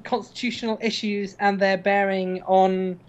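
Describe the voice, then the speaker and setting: A man speaking as a guest author in an online chat, in a measured, formal way. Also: sits high, little pitch movement, highs cut off. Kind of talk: interview chat.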